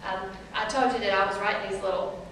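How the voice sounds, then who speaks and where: A woman's voice: mid-range voice, a little fast. A woman in her forties with a Southern US accent, telling chatty, laughing stories to a live audience. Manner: chatty, animated, laughing, addresses crowd as y'all. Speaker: author speaking to an audience. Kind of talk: storytelling talk to a live audience. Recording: echoey room, distant mic, noisy.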